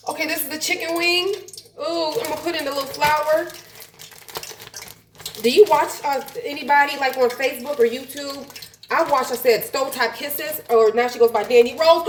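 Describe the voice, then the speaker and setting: A woman vlogging casually while cooking, nervous and excitable, gasping and saying "oh gosh" often. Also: sits high, moderate pace. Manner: chatty, nervous and excitable, lots of gasps and "oh gosh". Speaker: health and life coach, vlogger. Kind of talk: casual home cooking vlog. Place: home kitchen. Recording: echoey kitchen with faint frying noise.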